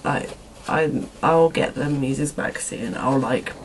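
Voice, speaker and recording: Her voice rumbling low, a young woman takes it slowly as she answers viewer questions in a casual vlog. She uses a put-on accent, not her own, and rambles with plenty of "like" and "um." The recording is low quality, with slight background noise.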